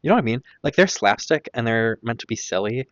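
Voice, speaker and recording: A man's voice: medium pitch, animated, fast, no echo. Rambling man, lo-fi podcast commentary. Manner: rambling, opinionated, many fillers and tangents. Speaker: podcast host. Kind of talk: casual stream-of-consciousness commentary.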